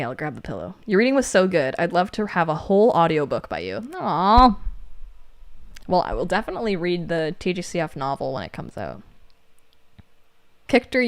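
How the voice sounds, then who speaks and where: A woman's voice: big pitch swings, normal speed. Giggly woman chatting on a livestream. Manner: giggly and playful, jumps to squeaky exclamations. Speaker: livestream co-host. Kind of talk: casual chat reading viewer comments aloud.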